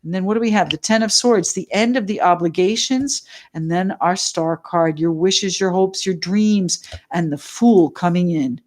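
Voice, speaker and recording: Excitable chatty woman reading tarot. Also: lowish voice, moderate pace, few pauses. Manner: excitable, chatty, greets viewers by name. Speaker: tarot reader.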